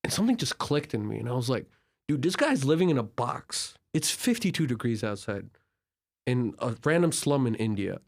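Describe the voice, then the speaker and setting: A man's voice: mid-range voice, moderate pace, gravelly. A young man from Turkey, a podcast guest, tells travel stories casually and acts out the conversations with lots of filler words. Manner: animated, filler-heavy, acts out dialogue. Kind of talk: casual storytelling.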